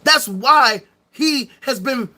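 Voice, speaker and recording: Brief: male live-stream host, high bright voice, profane mocking rant with bursts of shouting. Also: lively intonation, takes it slowly. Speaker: streamer hosting a live debate show.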